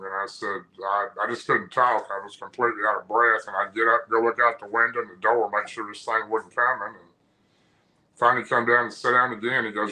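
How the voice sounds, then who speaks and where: A man's voice: on the low side, flat delivery, a little fast, sharp tone, poor audio. A man, a guest on an interview, telling a personal story in a rambling, folksy way with frequent restarts. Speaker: guest recounting an encounter. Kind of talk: casual storytelling.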